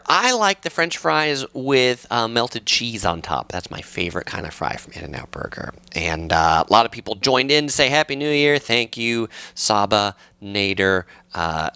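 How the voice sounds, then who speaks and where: A Southern California man hosts a travel channel's live stream, reading questions from the chat and answering in a relaxed, chatty way full of ums and uhs. His voice is lowish and creaky with a clean tone, and the recording is dry.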